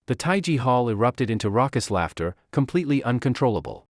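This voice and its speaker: A man narrating a comic recap of an illustrated story in a brisk, expressive way. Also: medium pitch, no echo, studio quality.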